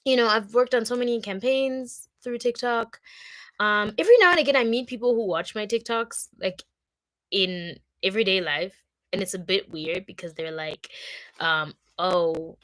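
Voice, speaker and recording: A woman's voice: medium pitch, normal speed, fairly bright tone, dry recording. Young woman, from Congo, content creator, casual live chat, chatty and upbeat, dry close sound. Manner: chatty and upbeat, many fillers.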